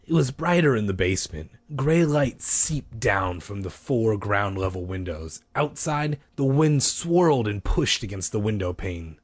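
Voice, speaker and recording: Husky man reading a spooky book aloud. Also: on the low side, expressive, measured pace, few pauses. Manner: playful, self-mocking, swears. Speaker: reader. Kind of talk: reading a children's book aloud with joking asides.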